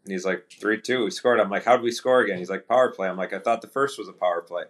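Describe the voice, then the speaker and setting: A man with a fairly low voice tells a story in a relaxed, conversational way. He slips into the voices of teammates and trainers as he recounts their lines. He restarts sentences often and leans on fillers as he recalls events. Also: fast. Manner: relaxed anecdotal, quotes teammates in dialogue. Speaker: podcast guest, pro hockey player. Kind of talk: casual storytelling.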